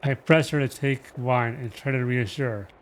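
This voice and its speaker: A man reads a novel aloud for a livestream audience. He takes it slowly and dramatically, pushing some words and dropping others. His voice sits in a middle pitch. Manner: dramatic, slow with shifting emphasis. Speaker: reader.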